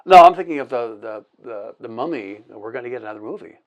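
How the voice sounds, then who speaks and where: A man telling stories on a podcast in a casual chat. He acts out sound effects, shouts the lines of people he quotes, swears freely and often restarts his sentences. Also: mid-range voice, fast, background noise. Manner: animated anecdote-teller with sound effects, shouted quotes and laughter; profane, full of restarts. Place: indoor podcast set.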